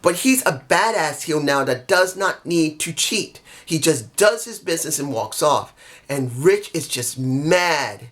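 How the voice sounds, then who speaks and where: Higher-voiced man telling a story casually. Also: a little slow. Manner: animated, jumps into quoted voices. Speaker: vlogger.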